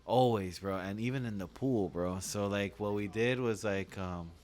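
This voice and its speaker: Laid-back slangy man, lowish voice. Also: normal speed, darkish tone. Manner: laid-back, slangy, peppers speech with "bro" and "dog"; laughs while telling stories. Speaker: comedian. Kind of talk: casual podcast storytelling.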